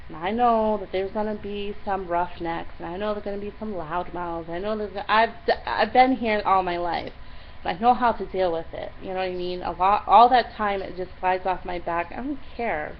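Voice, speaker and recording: A young woman casually telling a diary-style story, retelling it with lively exasperation and quoting herself often. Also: mid-range voice. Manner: animated, exasperated retelling with many "I'm like" quotes. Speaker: vlogger. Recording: slightly dull lo-fi recording with faint hiss.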